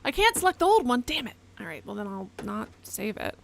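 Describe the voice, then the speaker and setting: A woman's voice: fairly high pitch, very animated, brisk, vocal fry, a little hiss or hum. A young woman giving casual live commentary as she plays a horror game, chatty and prone to exclaiming and swearing. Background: music.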